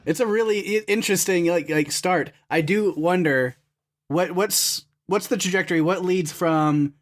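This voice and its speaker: A man's voice: high-pitched, moderate pace. A man co-hosting a podcast, asking a guest a rambling question, searching for words. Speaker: podcast co-host. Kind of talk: casual interview question.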